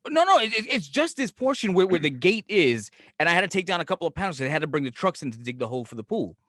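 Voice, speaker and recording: New york guy on a podcast, kinda high voice, acts out all the quotes, swears a lot, dry close mic. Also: fast talker, dry recording. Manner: animated storyteller, acts out quotes, profane, laughs often. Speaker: podcast co-host. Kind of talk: casual podcast banter.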